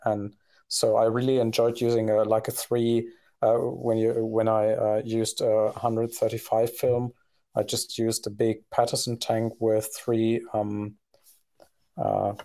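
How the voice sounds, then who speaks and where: A man's voice: fairly low pitch, completely flat delivery, measured pace, mellow. A man co-hosting a podcast in casual conversation, talking hesitantly with many fillers and restarts. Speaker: podcast co-host.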